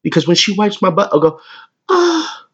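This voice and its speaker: A man in his twenties hosting a comedic podcast, with a crude, excitable way of talking and a lot of swearing. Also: sits high, fast talker, husky, highs cut off. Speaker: podcast host.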